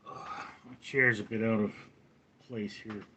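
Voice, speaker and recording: A man's voice: on the low side, steady tone, slow, pushed and bright, a little hiss or hum. Slightly tipsy man chatting on a livestream. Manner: rambling, joking, answers viewers one by one. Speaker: livestream host reading chat. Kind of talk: casual livestream chat.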